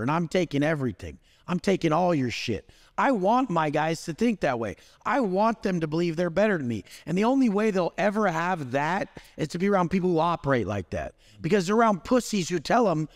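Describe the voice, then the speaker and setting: A man's voice: fairly high pitch, big pitch swings, a little fast, few pauses, no echo, clean studio sound, big-room sound. A man delivering a profane, aggressive motivational rant as an interview guest. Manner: aggressive, swearing heavily. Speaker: guest speaker.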